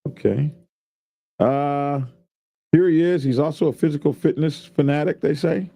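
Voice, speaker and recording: With a slightly high, warm voice touched by vocal fry, a man reads news stories aloud at a moderate pace. After each headline he jokes around with his co-hosts in a casual commentary chat.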